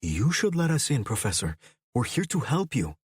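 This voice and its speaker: A man doing a determined young woman, lifting his voice slightly to play her. She talks in a direct, earnest way, without softening her words. The sound is husky and dry. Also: medium pitch, big pitch swings, normal speed, no echo. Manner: blunt, earnest.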